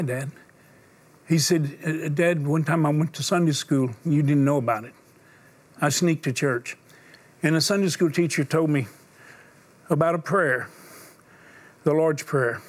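An older man, a preacher hosting a Christian talk show. He tells stories in an earnest preaching manner. At emotional points his voice sinks almost to a whisper. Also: fairly high pitch. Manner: earnest preacher, drops to a hushed voice for emotional moments. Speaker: TV host and preacher.

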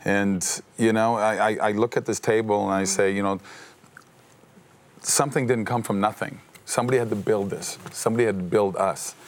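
A man with a very low voice who talks fast. He is a guest on a talk show and promotes his film eagerly, often stumbling over the first words of his sentences. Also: steady tone.

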